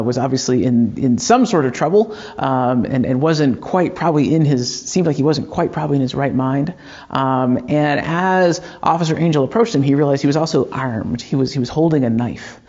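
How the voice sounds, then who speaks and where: A man's voice: mid-range voice, a little mellow, highs cut off. Hesitant conversational male pastor. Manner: conversational, hesitant with many fillers and restarts. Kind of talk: sermon.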